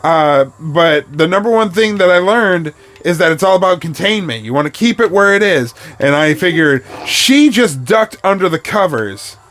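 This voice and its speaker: A young man telling a story in casual chat, animated and acting out other people's voices in quotes. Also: high-pitched, moderate pace, soft background music. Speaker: podcast co-host. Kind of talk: casual storytelling while gaming.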